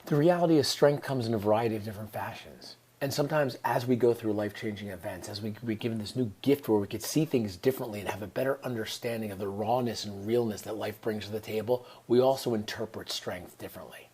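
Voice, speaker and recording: A man's voice: on the low side, quick pace, few pauses, a little mellow, breathy edge. A man, telling a personal story in an earnest, reflective way and often dropping into whispered asides. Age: 30s. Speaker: vlogger.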